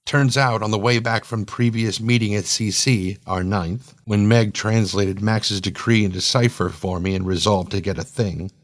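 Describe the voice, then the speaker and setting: A man narrating a first-person science-fiction story in a playful, slangy, animated way. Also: medium pitch, dry recording, clean studio sound.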